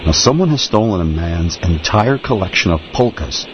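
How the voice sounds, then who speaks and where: A man doing a deep deadpan Brooklyn detective. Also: normal speed, a little hiss or hum. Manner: deadpan, formal, sir-ending. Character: deadpan male noir detective who does voiceovers. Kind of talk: comedy radio-play acting. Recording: slightly muffled recording.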